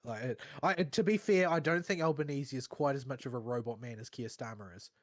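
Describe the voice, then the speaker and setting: A man's voice: medium pitch, fairly quick, dry recording. A man co-hosting a podcast in casual chat, opinionated and rambling with a dry wit. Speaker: podcast co-host.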